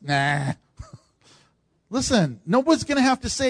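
A man preaching as pastor, animated, acting out the voices of people he quotes. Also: extremely high pitch, slow, long pauses, no echo. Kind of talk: sermon.

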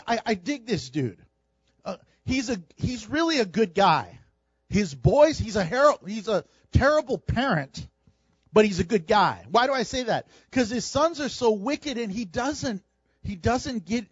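A man preaching a sermon, animated and humorous, acting out the people in his story. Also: extremely high pitch, unhurried, breathy edge, no room sound, lo-fi sound. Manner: animated preaching, acts out quoted voices with humor. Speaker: pastor.

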